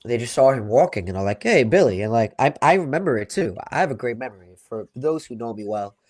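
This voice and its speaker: A man's voice: mid-range voice, lively intonation, fast, a little mellow. A young man with a Long Island accent, co-hosting a sports podcast in casual, rambling chat full of "you know" and "like". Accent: Long Island New York. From Long Island, New York. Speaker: podcast co-host.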